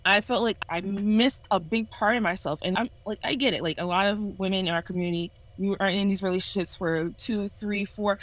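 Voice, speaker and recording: A woman's voice: mid-range voice, fairly quick, few pauses, fairly bright tone, no echo, poor audio. A woman in her twenties sharing a candid personal testimony on a podcast in an earnest, self-reflective way. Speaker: ministry leader sharing a testimony.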